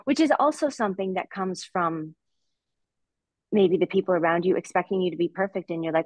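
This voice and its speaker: A woman's voice: lowish voice, fairly quick, a little mellow, dry recording, poor audio. Reflective woman, dry close sound. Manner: reflective, many restarts and fillers. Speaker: guest, former figure skater. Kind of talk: podcast discussion.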